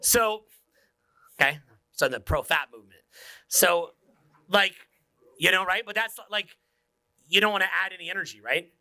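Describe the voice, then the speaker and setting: A man giving a live seminar talk in a room without speakers, energetic, joking and profane. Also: high voice, moderate pace, long pauses. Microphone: unamplified room talk.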